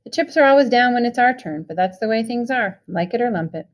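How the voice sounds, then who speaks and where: A woman voicing a tough, loyal teenage greaser who jokes and scolds in a gruff way. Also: fairly high pitch, animated, fast, voice pushed up, lightly acted.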